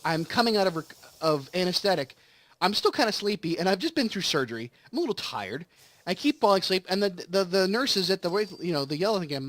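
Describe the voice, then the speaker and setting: Guy rambling over his game, kinda high voice, dry close sound, still recovering from surgery. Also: big pitch swings, quick pace, a bit bright, dry recording. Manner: rambling storytelling with acted quotes. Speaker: let's play host. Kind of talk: casual chat over gameplay.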